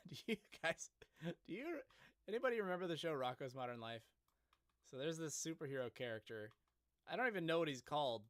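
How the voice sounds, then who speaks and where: Lively joking man streaming. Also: a little high, brisk, no echo, studio quality. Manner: joking, rambling, self-deprecating. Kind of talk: casual live-stream chat.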